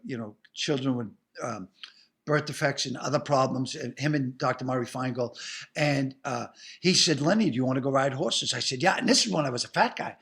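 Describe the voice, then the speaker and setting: Animated older Boston man, gravelly and bright. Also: fairly high pitch. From Boston area. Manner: animated, profane, acts out voices in his stories. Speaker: guest comedian. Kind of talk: storytelling interview chat.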